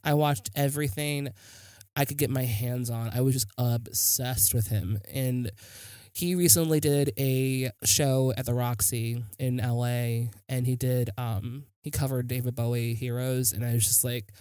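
A woman's voice: rumbling low, fairly even intonation, a little slow, mellow, no echo. A woman co-hosting a podcast, gushing in casual chat, peppering her talk with "like" and the odd swear word. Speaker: podcast co-host.

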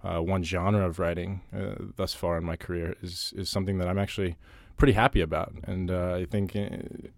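A very low-voiced man talks through his answers in a relaxed interview, circling back and repeating words as he gathers his thoughts. The sound is close and dry, with no room around it. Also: fairly quick, gravelly, few pauses, dry recording. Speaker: interviewee, writer. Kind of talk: casual interview talk.

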